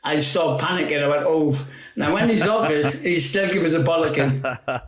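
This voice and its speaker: A man's voice: on the high side, normal speed, roomy sound, a loud crowd, rough recording. A Geordie man in his fifties, a guest telling rambling football anecdotes with acted quotes and frequent laughter. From North East England. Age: 50s. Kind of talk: storytelling anecdotes.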